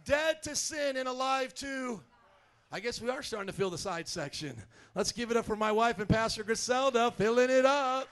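A man preaching a sermon as pastor in a church, animated and calling out to the congregation for responses. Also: very high voice, moderate pace, smooth.

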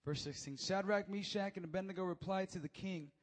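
Animated high-voiced young male preacher. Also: fairly quick, hardly any pauses. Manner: animated storytelling, acts out quotes. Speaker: pastor. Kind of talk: lively sermon. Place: church stage before a congregation.

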